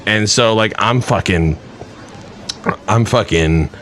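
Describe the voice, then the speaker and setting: Podcast host, male, lowish voice, loose swearing storyteller, faint background hiss. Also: takes it slowly. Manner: rambling, profane storytelling full of "like". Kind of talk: casual podcast chat.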